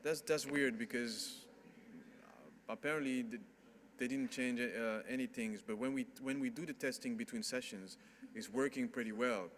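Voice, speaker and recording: Man, sound check at lectern, halting, restarts, mid pitch, mic a little away. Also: fairly bright tone, slight background noise. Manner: halting, with many restarts and fillers. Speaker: event organizer testing microphones. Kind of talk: casual sound-check talk. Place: conference hall at the lectern. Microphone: lectern microphone at a distance.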